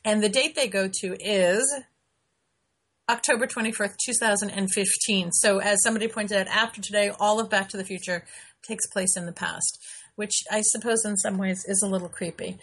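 Breathy-voiced woman hosting a chatty show. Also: medium pitch, fairly even intonation, normal speed, fairly bright tone. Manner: chatty, rambling, frequent ums and laughs. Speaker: show host. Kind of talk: casual live-stream chat.

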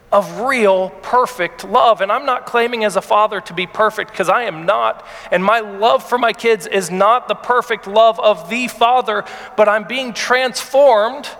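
A man in his thirties preaching a sermon, earnest and halting, with many repeated words, and he grows emotional as he speaks. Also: high-pitched, a bit bright, in a large hall. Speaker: pastor.

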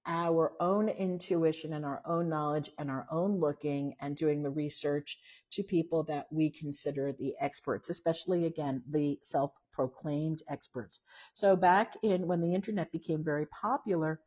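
A husky older woman talks in a low, conversational voice and muses aloud with lots of fillers and asides. She hosts a casual live-stream, and the sound is muffled and lo-fi. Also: normal speed, darkish tone. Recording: dull lo-fi sound.

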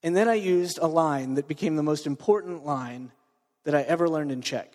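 A man's voice: fairly high pitch, normal speed, a little mellow, in a large hall. A man preaching a sermon to his church, telling a story with lots of fillers and asides. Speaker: pastor.

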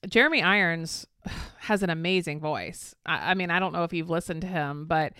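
A woman co-hosting a podcast in casual chat, upbeat and quick to laugh along. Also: lowish voice, pushed and bright, clean tone, dry recording, clean studio sound. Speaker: podcast co-host.

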